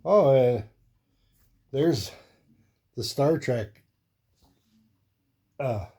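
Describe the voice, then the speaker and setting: A relaxed man talks his way through a pile of comics at an unhurried pace. His voice is warm and mellow, and he wanders easily from one aside to the next. It sounds like a casual show-and-tell hosted on his own channel. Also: mid-range voice, husky. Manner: rambling, easygoing, thinks aloud while flipping through comics. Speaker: host.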